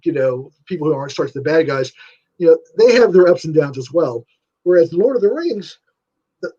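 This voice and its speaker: A man chatting as an interview guest, animated and rambling, full of fillers and big swings of emphasis. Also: sits high, lo-fi sound. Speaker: guest writer. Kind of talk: enthusiastic casual interview chat.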